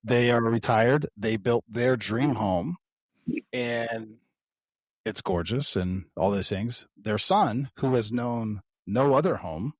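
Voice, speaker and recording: An American man co-hosting a podcast tells rambling stories in a casual way, swearing some and laughing at his own tales. His mid-range voice moves slowly, with no room sound.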